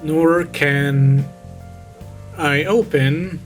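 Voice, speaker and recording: Male vtuber, slightly high voice, mocking story reader, close mic, faint guitar behind. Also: very slow. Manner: sarcastic, interrupts the story to make fun of it. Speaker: vtuber reading a creepypasta. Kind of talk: reading a story aloud with mocking commentary.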